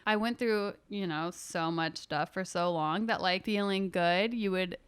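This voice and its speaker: A woman's voice: on the low side, unhurried, smooth. A young woman speaking candidly in a casual podcast chat, filling her talk with "like" and laughing while she tells hard things. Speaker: podcast guest.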